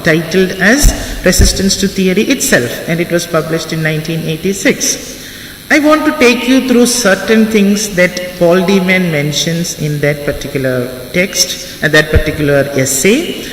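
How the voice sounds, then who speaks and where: High-voiced man lecturing in an echoey hall. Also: a bit bright, a little hiss or hum. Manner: repeats phrases, spells out words, talks directly to students. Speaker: literature lecturer. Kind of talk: classroom lecture. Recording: echoey hall, voice from far off, faint ambience.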